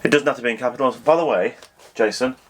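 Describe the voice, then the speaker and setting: A man's voice: mid-range voice, fast talker, noisy background. A man co-hosting a casual chat show, teasing his co-host and cracking jokes. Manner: teasing, jokey and playful.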